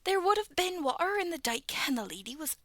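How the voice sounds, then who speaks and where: A woman's voice: very high voice, sing-song, a little fast, fairly bright tone. A young woman casually reading stories aloud to viewers, stumbling over the text and breaking off for chatty, self-mocking asides. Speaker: video creator reading stories.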